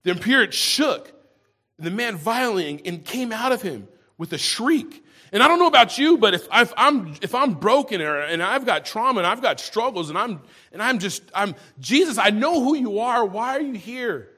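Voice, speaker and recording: A male pastor delivers a sermon in a fairly high, husky voice. He talks in a loose, conversational way, circling back and repeating words as he works through his thoughts. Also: sing-song, moderate pace, bright, forceful tone. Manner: conversational preaching, frequent restarts and repeated words.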